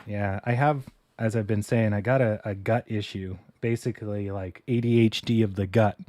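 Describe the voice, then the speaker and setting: A man's voice: lowish voice, fairly even intonation, moderate pace, darkish tone, no echo, clean studio sound. A man hosting a casual stock live stream, ranting in exasperation, sighing and swearing. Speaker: stock livestream host.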